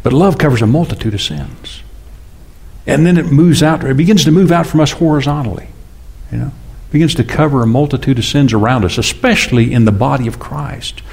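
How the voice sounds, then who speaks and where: A man in his sixties preaching a conversational sermon, often asking the congregation questions and acting out quoted speakers in louder, higher bursts. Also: fairly quick. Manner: chatty, asks the congregation questions, acts out God and James. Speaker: pastor.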